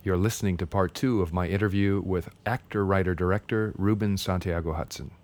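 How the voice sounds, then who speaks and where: A man's voice: sits low, fairly even intonation, brisk, very noisy. A man hosting an interview show, introducing his guest and asking questions in a friendly, joking way. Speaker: interview host. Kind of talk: radio-style interview.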